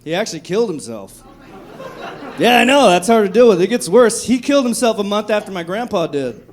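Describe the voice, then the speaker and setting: A man with a notably high voice works a comedy club stage from a handheld mic, firing off profane, dark, self-mocking jokes. He grew up in Texas. A faint crowd laughs along behind him. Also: very animated, fairly quick, a little hiss or hum. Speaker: stand-up comedian. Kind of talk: live stand-up set. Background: audience laughter.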